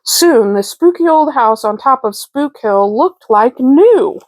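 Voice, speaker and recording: Brief: woman reading a picture book aloud, unhurried, bright higher voice, dry close mic. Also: no echo. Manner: slow, clear, expressive. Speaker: children's book reader. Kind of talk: storybook read-aloud.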